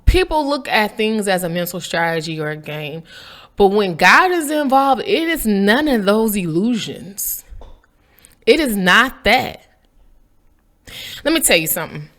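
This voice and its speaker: A woman, talking to viewers in a casual inspirational vlog, animated and preachy with a playful streak. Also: medium pitch, unhurried. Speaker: faith vlogger. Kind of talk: casual inspirational talk to camera.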